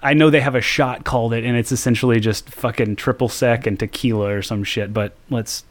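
A man from the United States hosting a podcast, telling a story in casual chat with lots of swearing and quick asides. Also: mid-range voice. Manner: animated storytelling, frequent swearing. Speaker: podcast host.

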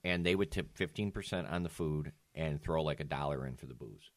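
A man's voice: very deep voice, brisk, no room sound. A man co-hosting a podcast, telling stories in casual chat and swearing when he gets worked up. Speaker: podcast co-host.

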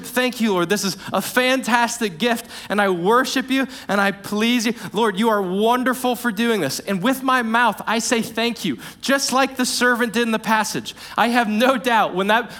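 A young man preaching with a notably high voice. He is earnest and repeats phrases for emphasis. For key lines he sinks into a quiet, low hush. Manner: earnest, repetitive emphasis, drops to a hushed low voice for key points. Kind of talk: sermon.

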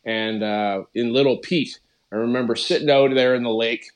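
A man's voice: medium pitch, steady tone, normal speed. Chatty man, full of fillers. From Canada. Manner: rambling, lots of "you know" and "like" fillers. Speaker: podcast guest. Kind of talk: casual conversational interview.

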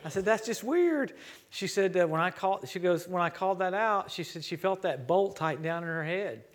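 A middle-aged man from Louisiana preaches in a church, his voice sitting a little on the high side. He tells lively stories and acts out the dialogue as he goes. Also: brisk. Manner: storytelling, animated preaching with quoted dialogue. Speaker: traveling preacher. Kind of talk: sermon.

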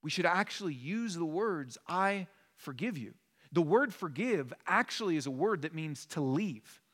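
A male pastor preaching in an earnest, emphatic and conversational way, with a slightly high voice. The sound carries a long reverb from a church sanctuary. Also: lively intonation, moderate pace, a bit bright. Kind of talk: sermon.

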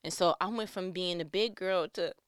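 A middle-aged woman casually telling a personal story, animated and faith-filled, dropping to a hush and rising to emphatic peaks. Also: on the low side, moderate pace, smooth, no echo, clean studio sound. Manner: animated, swings from hushed to loud and emphatic.

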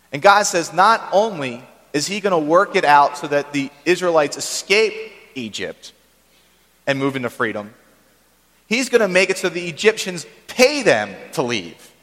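A man's voice: on the high side, fairly bright tone. Conversational male preacher in a reverberant hall. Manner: conversational preaching with frequent "right?" asides. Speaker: pastor. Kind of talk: sermon.

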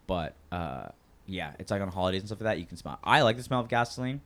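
A man's voice: deep voice, expressive, fast, fairly bright tone. A man in a casual podcast chat, rambling and joking with lots of restarts. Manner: rambling, jokey, hesitant restarts.

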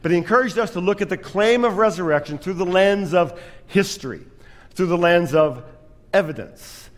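A man's voice: high voice, expressive, moderate pace, big-room sound. A man preaching a sermon as pastor, telling a story with self-deprecating humor.

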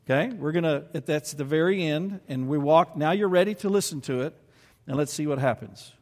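A man's voice: on the high side, normal speed, big-room sound. A man preaching a sermon and reading scripture aloud, earnest and building to emphatic peaks.

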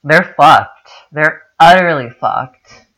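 Mid-pitched voice on a podcast, blunt and heated, swears a lot. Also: takes it slowly, a bit bright, rough recording. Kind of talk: casual podcast chat.

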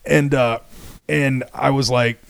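A man's voice: medium pitch, takes it slowly, vocal fry. A man from Michigan telling a wild story in casual podcast chat, swearing often and laughing as he goes. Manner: profane, laughing, animated storytelling.

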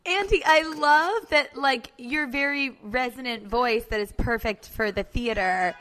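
A woman's voice: high-pitched, measured pace, a bit bright. Upbeat laughing woman podcast host. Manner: laughs often, upbeat and encouraging. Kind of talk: casual interview chat.

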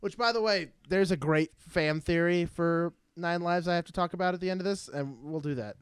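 A man's voice: sits high, a little fast, clear, resonant tone, no room sound. A man co-hosting a casual movie podcast, crude and joking, swearing often. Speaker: podcast co-host.

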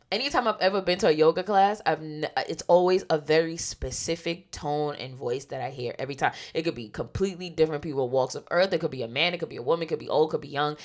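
Animated low-voiced woman chatting. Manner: animated, playful, laughing. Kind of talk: casual chat.

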